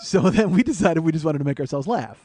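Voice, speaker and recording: A middle-aged man, the host, telling a comic story in an animated, profane way, often getting loud and excited. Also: on the high side, fast. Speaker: podcast host.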